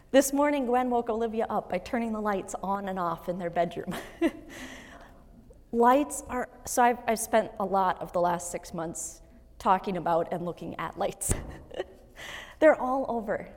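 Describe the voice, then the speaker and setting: Slow-preaching woman in an echoing church. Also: a little high, darkish tone. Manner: measured, earnest preaching with light asides. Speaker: pastor. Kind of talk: sermon. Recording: long reverb of a church hall.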